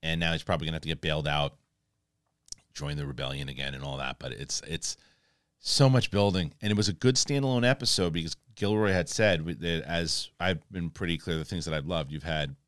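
Male host, very low voice, dry close mic; casual and animated, acts out quotes, stumbles and restarts. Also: dry recording. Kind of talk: casual review recap.

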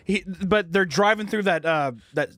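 A man's voice: sits high, moderate pace, fairly bright tone, no room sound, studio quality. A young man co-hosting a podcast, telling crude stories in casual chat and slipping into mock voices. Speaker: podcast co-host.

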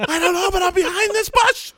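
A man putting on the voice of a flustered man shout-whispering from behind a bush, strained and pitched far above his own voice. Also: a little fast.

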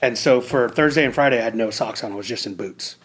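A middle-aged American man at a medium pitch recounts his military past in relaxed conversation. He talks earnestly and reflectively, often doubling back to restart a phrase. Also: fast, slightly rough. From United States. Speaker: former Navy SEAL officer, guest. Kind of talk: casual conversational storytelling.

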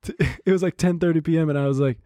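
A man in relaxed conversation, slightly high for his voice, recounting a date through quoted back-and-forth and easy laughter. The sound is dry and close. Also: fast talker, dry recording. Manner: storytelling with frequent "I was like" quotes and laughs. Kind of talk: casual podcast chat.

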